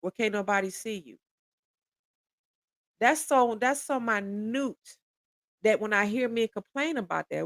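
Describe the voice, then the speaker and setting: A woman's voice: mid-range voice, animated, measured pace, long pauses, dry recording, studio quality. A woman in her forties giving a candid podcast monologue, blunt and profane, often restarting and repeating words as she presses her point. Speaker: podcast speaker.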